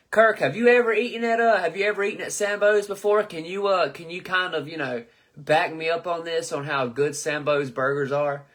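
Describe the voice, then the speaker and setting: This host is a man in his twenties from the southern United States, running a live comedy chat where he reads out viewer comments and jokes around with lots of profanity. He sounds a little high, a bit bright and fairly quick. His manner is loose and joking, and names trip him up.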